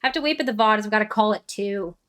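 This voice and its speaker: A woman's voice: mid-range voice, fast talker, a bit bright, clean tone. A woman game streamer chatting casually, giggly and trailing off as she plays.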